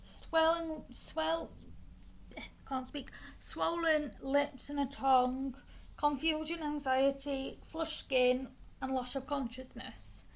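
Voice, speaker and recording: A young woman explains things in a casual, chatty way. Her voice sits high and carries a gravelly fry, and she stumbles and restarts words now and then. She has the hiccups. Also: fairly even intonation, takes it slowly. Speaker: vlogger.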